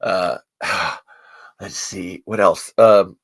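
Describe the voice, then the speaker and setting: A man's voice: low-pitched, fairly even intonation, very slow, breathy edge. A young man hosting a casual podcast chat, playful and goofy, swearing freely and breaking into silly bits. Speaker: podcast host.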